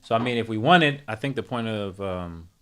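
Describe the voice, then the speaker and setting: A man's voice: lowish voice, expressive, moderate pace, sharp tone, clear, resonant tone. A man hosting a live music production tutorial, talking casually to his chat, thinking aloud and correcting himself as he goes.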